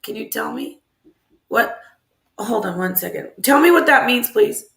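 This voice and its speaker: Woman livestreamer, chatty and meandering, bright tone, echoey room. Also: a little high, very animated, unhurried, vocal fry. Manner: chatty and rambling, answers viewers, asks questions aloud. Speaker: livestream host. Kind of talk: casual livestream chat, reading viewer comments. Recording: roomy echo.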